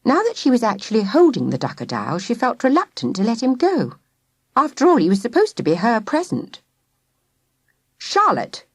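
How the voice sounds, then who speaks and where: A woman's voice: on the high side, huge pitch swings, brisk, slightly rough, dry recording. Woman reading a kids book aloud, voice swings up and down a lot, dry close sound. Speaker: audiobook narrator. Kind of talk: storybook narration.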